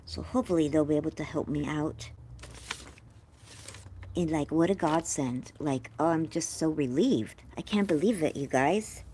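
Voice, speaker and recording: A chatty American woman hosts a live stream from her home, speaking straight to her viewers. Her voice sits a little on the low side, and her manner is warm-hearted and effusive, with plenty of casual asides. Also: moderate pace, a little hiss or hum. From California, USA. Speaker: livestream host.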